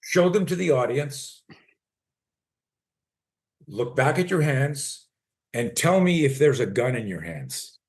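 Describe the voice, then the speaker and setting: This is a very animated man in his sixties with a medium-pitched voice, talking slowly with long pauses. A personal defense coach in an interview, he's blunt, emphatic and freely profane, teaching through short acted-out scenarios.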